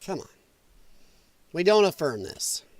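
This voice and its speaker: Man, high voice, very animated, profane livestream host, dry close sound. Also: a little slow, dry recording. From US Midwest. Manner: loud, profane, laughing often. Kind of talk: casual livestream commentary. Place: home, dog nearby.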